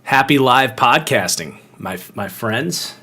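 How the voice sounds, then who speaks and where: A man's voice: mid-range voice, lively intonation, takes it slowly, bright, forceful tone. A young man hosting a live football podcast, chatting casually and greeting viewers by name. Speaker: podcast host.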